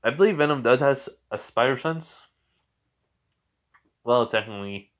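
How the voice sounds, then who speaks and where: A man's voice: expressive, fairly bright tone. Man narrating fan fiction off the cuff, loose and sleepy, fillers everywhere. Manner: rambling, full of fillers and restarts, quick pitch jumps for dialogue. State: drowsy, just woke from a nap. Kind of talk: casual improvised fan story narration.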